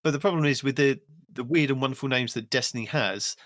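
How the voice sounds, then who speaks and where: A man hosting a podcast in casual chat, with dry, teasing humor. He speaks in a middle pitch, and the recording is close and dry with no room sound. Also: fast, a bit bright, no room sound. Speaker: podcast host.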